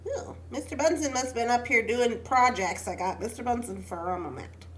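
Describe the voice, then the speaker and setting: Fairly high-pitched and fairly quick, the young woman talks through her casual jewelry-making livestream while pregnant. She's chatty, greets viewers by name, and talks to herself as she beads, with slight background noise present.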